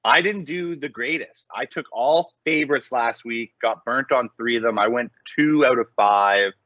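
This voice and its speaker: A man's voice: mid-range voice, normal speed, bright, forceful tone, no echo. A man co-hosting a casual sports betting podcast, chatty and self-deprecating. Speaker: podcast co-host. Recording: muffled lo-fi podcast mic.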